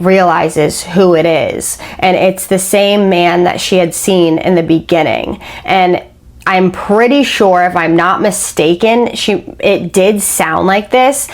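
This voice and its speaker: A woman with a somewhat low voice retells a story she heard on a podcast. Her delivery is casual and chatty, with fillers and restarts. She sounds like she is talking to a friend.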